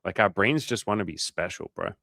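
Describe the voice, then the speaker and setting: Young man, low voice, dry close sound, casual livestream coach, swears, lots of "like". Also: brisk, gravelly, pushed and bright, no room sound. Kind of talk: casual livestream chat reading comments.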